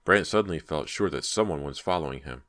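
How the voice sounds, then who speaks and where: Extremely deep-voiced male narrator. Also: lively intonation, fast talker, a bit bright. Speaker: audiobook narrator. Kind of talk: scripted horror narration.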